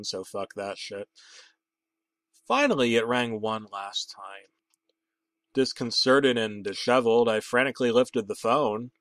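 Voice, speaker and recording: A man narrating a comedic creepypasta story, deadpan and mock-dramatic. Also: lowish voice, dry recording. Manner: deadpan, mock-dramatic, rising to excited outbursts.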